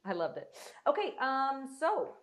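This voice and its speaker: A woman's voice: high voice, very animated, unhurried, fairly bright tone. A woman co-hosting a casual podcast chat, joking and playful, sometimes putting on voices. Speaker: podcast co-host.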